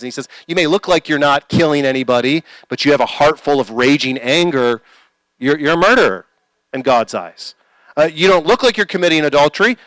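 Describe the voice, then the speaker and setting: A pastor preaching a sermon in church, asking the congregation rhetorical questions. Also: male voice, mid-range voice, fairly bright tone, no echo, rough recording.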